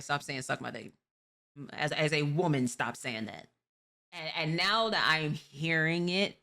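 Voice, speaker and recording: A woman's voice: sits low, a bit bright. A woman in her twenties hosting a live stream, reacting casually and candidly lecturing with advice. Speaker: streamer host.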